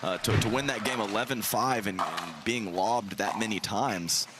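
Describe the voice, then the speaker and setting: A man's voice: fairly low pitch, normal speed, very noisy. A man giving color commentary on a pickleball match, analytical and chuckling, often restarting his phrases.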